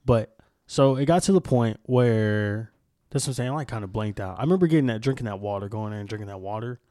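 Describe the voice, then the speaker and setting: A man's voice: lowish voice, quick pace, dark tone, no echo, studio quality. A young man hosting a casual podcast, telling a story in a candid, rambling way with lots of swearing. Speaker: podcast host.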